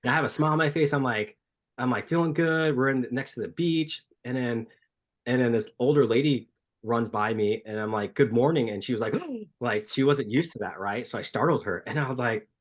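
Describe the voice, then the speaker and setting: A man from Southern California who is a running coach, telling casual stories packed with "like" and acting out other people's greetings. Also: mid-range voice. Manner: animated storyteller, heavy use of "like", acts out greetings. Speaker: podcast guest, running coach. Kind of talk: casual chat.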